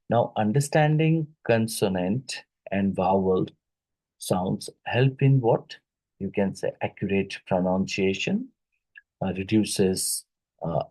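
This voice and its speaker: A man teaching an exam-prep phonetics lesson, unhurried and often checking in with "right?". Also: on the low side, darkish tone, poor audio. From India. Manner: unhurried, with frequent tag questions like "right?".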